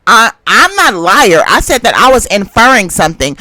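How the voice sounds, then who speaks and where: A woman reenacting a woman host who answers in a measured, insistent way and keeps calling for order, in a dry close recording. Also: medium pitch, big pitch swings, sharp tone, no room sound. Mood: defensive. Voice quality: measured, insistent, appeals to decency. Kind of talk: reenactment of a heated livestream argument.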